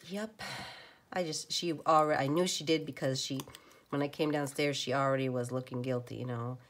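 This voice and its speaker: A woman chatting casually at her home craft table, rambling and often dropping into a soft whisper. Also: a bass voice, fairly even intonation, fairly quick. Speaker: crafter making journal ephemera.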